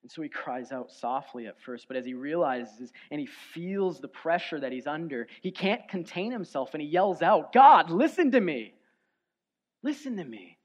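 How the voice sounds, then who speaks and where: A man preaching a sermon as pastor, earnest, moving from soft, low passages to loud, emphatic ones. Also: moderate pace, few pauses. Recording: dull lo-fi sound.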